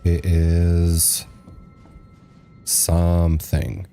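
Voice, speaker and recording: A man's voice: sits low, fairly even intonation, drawn-out words, vocal fry, mellow, faint music behind. A man streaming a game, chatting casually and joking, at times hamming up a bro voice. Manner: joking, slips into a mock bro voice. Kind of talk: casual gameplay commentary.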